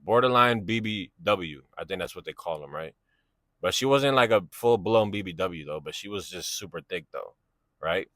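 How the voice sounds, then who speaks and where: Casual storyteller, male, low-pitched, rambling slang delivery, dry close sound. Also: expressive, moderate pace, pushed and bright, no echo. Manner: slangy, rambling, keeps asking "you know what I'm saying". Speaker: vlogger telling a personal story.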